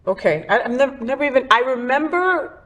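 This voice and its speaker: A woman's voice: high-pitched, lively intonation, fairly quick, a bit bright. A woman hosting a casual talk show, chatty, sassy and gossipy. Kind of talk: casual chat.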